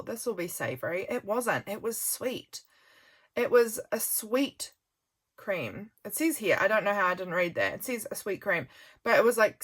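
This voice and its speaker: A woman's voice: medium pitch, a bit bright. A woman vlogging casual chat as she flips through her journal, rambling with lots of fillers and sounding tired. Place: home desk by a sunny window.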